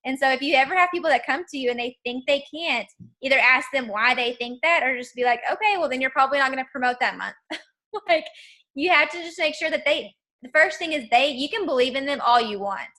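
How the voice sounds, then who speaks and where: A woman's voice: high-pitched, a little fast, pushed and bright. A woman team leader in casual motivational chat, emphatic and full of "like". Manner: emphatic, peppered with "like". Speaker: network marketing team leader.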